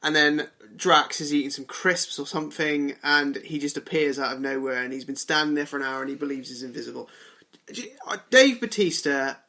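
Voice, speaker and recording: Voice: medium pitch, a little fast, bright, forceful tone. Brief: upbeat co-host, mid-range voice, eager casual film chat. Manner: enthusiastic, chatty. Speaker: podcast co-host.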